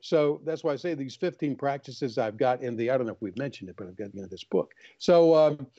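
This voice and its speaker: Here the older author is again a guest in a casual interview, telling stories earnestly and voicing the characters in his anecdotes. His medium-pitched, warm voice moves briskly with lively intonation, though the recording is muffled.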